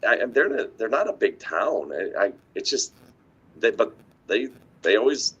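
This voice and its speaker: A man in casual sports chat, easygoing and rambling, laughing often. His voice sits low with a husky edge. He talks like a coach among friends on a live stream. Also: very animated, unhurried, a bit bright, dull audio. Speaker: coach and podcast co-host.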